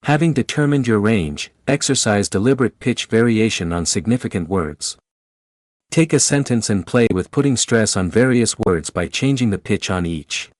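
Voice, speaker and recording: Measured low-voiced male narrator. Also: lively intonation, no echo, clean studio sound. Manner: measured, instructive. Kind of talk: scripted narration.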